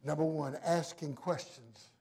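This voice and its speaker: A male pastor preaching a sermon with emphasis, his delivery swinging from hushed to loud. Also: a little high, measured pace, breathy edge.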